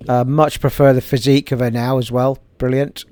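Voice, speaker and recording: A man's voice: mid-range voice, flat delivery, brisk, darkish tone, clean tone. Cheerful man narrating his gameplay. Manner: cheerful, thinking aloud. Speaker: gaming streamer. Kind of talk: let's play commentary.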